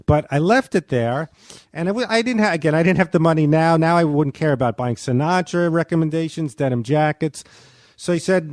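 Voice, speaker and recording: A man, a guest comedian, telling a podcast story in a rambling, halting way full of fillers. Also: a little high, animated, darkish tone, dry recording, studio quality.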